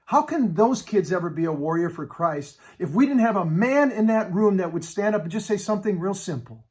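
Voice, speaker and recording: Middle-aged male preacher, storyteller building to an urgent call, slightly high voice. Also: a little fast. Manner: animated storytelling, rising to exhortation. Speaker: speaker at a Catholic men's event.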